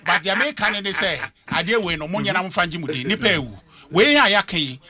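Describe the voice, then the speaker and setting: A fast-talking middle-aged Ghanaian radio host leads a spirited discussion, code-switching between English and Twi with great emphasis. His voice is high-pitched.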